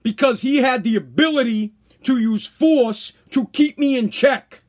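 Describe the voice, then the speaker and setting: A man's voice: extremely high pitch, measured pace. A man hosting a solo podcast, delivering a heated, profane monologue and acting out the people he quotes. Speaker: podcast host.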